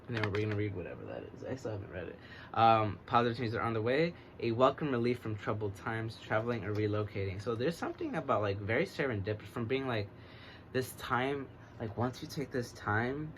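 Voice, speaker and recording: An American man reading oracle cards in a relaxed, rambling way, speaking in a put-on English accent that he uses to get through a stutter. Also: mid-range voice, slight background noise. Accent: American trying an English accent. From United States. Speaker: oracle card reader. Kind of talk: casual divination reading.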